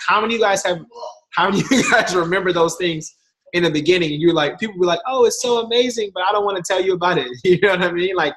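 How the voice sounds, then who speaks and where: A young man giving a casual motivational talk as a guest speaker, telling stories with voiced quotes. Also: on the high side. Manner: animated storytelling with voiced quotes, slangy.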